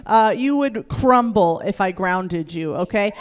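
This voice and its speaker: A woman's voice: medium pitch, lively intonation, measured pace, in a large hall. A young woman comedian performing a stand-up set on a club stage into a handheld mic, rambling loosely, laughing, and acting out quotes.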